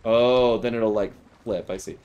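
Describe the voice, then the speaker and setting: A man's voice: medium pitch, steady tone, unhurried, muffled recording, crowd noise. Chatty upbeat man streaming a game. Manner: upbeat, chatty, jokey, laughs often. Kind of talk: casual game chat.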